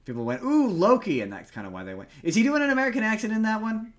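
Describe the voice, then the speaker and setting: A man co-hosts a casual podcast chat and argues his side with animated push-back. His voice is bright and forceful, and he keeps stumbling into quick restarts. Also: sits high. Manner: argumentative, animated, stammering restarts. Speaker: podcast co-host.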